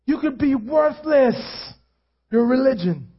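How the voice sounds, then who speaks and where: A man's voice: very high voice, expressive, measured pace, breathy edge. A man preaching a sermon as a pastor, talking conversationally, with self-deprecating asides and repeated phrases for emphasis. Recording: dull lo-fi church recording.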